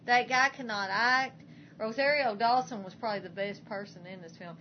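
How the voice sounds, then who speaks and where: A woman's voice: fairly high pitch, moderate pace, a little hiss or hum. Blunt teasing woman, lo-fi. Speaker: podcast co-host. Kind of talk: casual chat.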